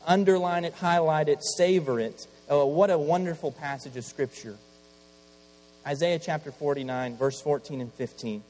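A man preaching a sermon while battling a cold, swinging from loud impassioned pleading to hushed, quiet passages. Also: on the high side, moderate pace. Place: church. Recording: long hall reverb, faint mains hum.

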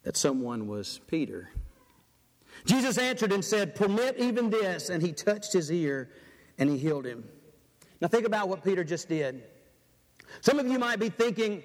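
Man, preacher, sermon, high voice, hushed-to-loud swings, long church reverb. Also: very animated, moderate pace, pauses often. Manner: dramatic, swings from hushed to loud, rhetorical questions. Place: large church building.

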